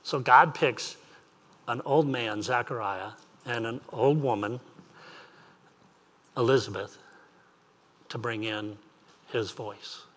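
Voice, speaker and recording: A man's voice: medium pitch, slow pace, long pauses, fairly bright tone, a little hiss or hum. A man preaching an earnest sermon as pastor, repeating phrases and asking rising questions.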